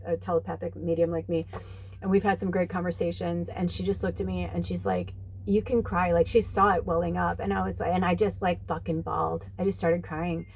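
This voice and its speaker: A woman's voice: medium pitch, a little mellow. A woman, a spiritual medium, talking casually and rambling with lots of fillers and some swearing while giving advice to her viewers. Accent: American. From United States.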